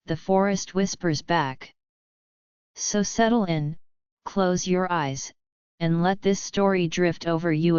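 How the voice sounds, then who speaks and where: A woman narrating bedtime horror stories in a calm, soft, hushed and atmospheric way, as the regular host of the channel. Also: on the low side, clean tone, dry recording, highs cut off.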